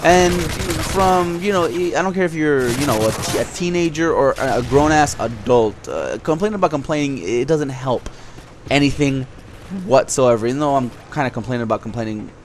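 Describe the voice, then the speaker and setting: A man's voice: mid-range voice, normal speed, slight background noise. A man talking to his viewers in a casual, rambling monologue, telling stories and giving his opinion. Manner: rambling, animated storytelling. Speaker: video blogger.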